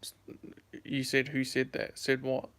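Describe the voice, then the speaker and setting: Young man, late teens, from the US, casual livestream chat, holds phone mic, repeats himself, smooth tone. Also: mid-range voice, completely flat delivery, unhurried, a bit bright. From United States. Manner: rambling, repeats himself while answering chat. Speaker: YouTuber livestreaming. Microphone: handheld phone.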